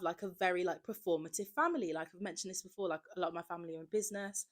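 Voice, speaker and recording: Young woman, podcast host, lowish voice, loose chatty delivery full of fillers. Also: fast talker, few pauses. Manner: chatty, many "like" fillers, jumps between loud and soft. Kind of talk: casual confessional chat.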